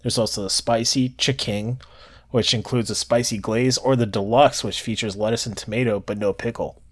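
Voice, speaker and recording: A man's voice: medium pitch, steady tone, moderate pace. A man co-hosting a casual podcast, joking and reading items aloud in a mock-promotional way. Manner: joking, reads product details in a mock-promo way. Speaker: podcast co-host. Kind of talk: casual chat.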